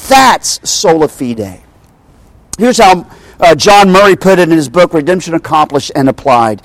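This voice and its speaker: A man's voice: fairly high pitch, lively intonation, a little slow, no room sound. A man preaching a sermon, telling stories animatedly and speaking directly to his congregation. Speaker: pastor.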